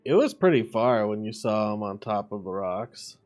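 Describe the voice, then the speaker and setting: A man running a tabletop game as dungeon master, calmly describing the scene to his players. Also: lowish voice, normal speed.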